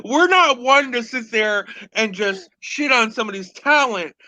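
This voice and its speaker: Host, male, high bright voice, sassy gossip chat, theatrical asides. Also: animated, unhurried, rough recording. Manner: sassy, theatrical, calls people girl and honey.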